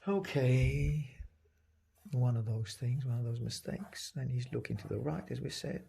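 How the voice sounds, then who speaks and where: Man, painting lesson, gravelly low voice, dark and husky, murmurs and whispers while working. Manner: soft-spoken, often drops to a whisper while painting; halting, thinking aloud with restarts. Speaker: painting teacher. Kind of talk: live painting demonstration.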